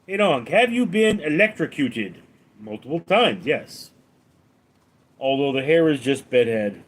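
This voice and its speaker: A man's voice: medium pitch, big pitch swings, unhurried, slight background noise. A man hosting a casual live stream, reading viewers' names and questions aloud and answering them in a dry, offhand way.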